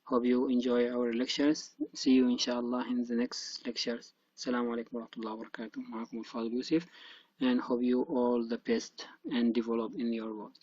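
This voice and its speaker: A man's voice: medium pitch, level tone, fast talker, a little mellow, breathy edge, dry recording. Man, teacher, dry close sound, dull lo-fi recording. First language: Arabic. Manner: patient drilling of syllables aloud. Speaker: Chinese teacher. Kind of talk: online pronunciation lesson.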